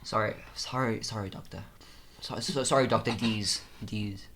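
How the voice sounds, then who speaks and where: A man's voice: fairly low pitch, steady tone, normal speed, fairly bright tone, a little hiss or hum. A man doing a bitter, gloomy shop worker. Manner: mumbling, gloomy, darkly joking confessions. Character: bitter young male shop worker in a mock therapy session.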